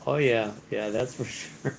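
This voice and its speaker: Male livestream host, slow and easygoing, chatty, laughs a lot, light room hum behind him. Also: medium pitch, steady tone, gravelly, poor audio. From Los Angeles, United States. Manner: chatty, laughs often, mixes in some Spanish. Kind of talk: casual live-stream chat reading viewer comments. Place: hotel room.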